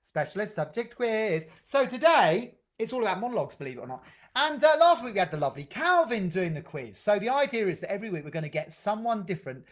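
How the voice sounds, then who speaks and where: An adult leads an online drama session with upbeat praise and loose, improvised links. The voice sits in a middle pitch. It comes through a video call. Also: sing-song, quick pace. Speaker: drama group leader.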